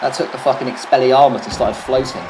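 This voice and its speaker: A British man calls a wrestling video game match alone in a mid-pitched voice, chatty and loose. He swears freely and wanders off into jokey tangents. A steady hiss of background noise runs beneath his voice. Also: fast talker, a crowd in the background. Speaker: solo commentator. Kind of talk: casual play-by-play commentary of a wrestling video game.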